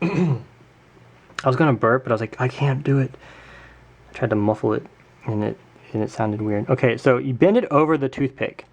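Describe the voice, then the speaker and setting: A man hosting a casual hands-on craft tutorial at home, chatting and correcting himself with jokey asides as he works. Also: mid-range voice. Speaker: tutorial host.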